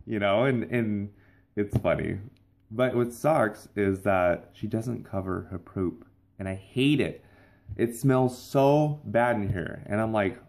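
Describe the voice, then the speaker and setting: A man's voice: lowish voice, animated, slow pace, vocal fry, a little mellow. A young adult man hosting his own vlog, telling rambling, playful stories in a casual monologue. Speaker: vlog host.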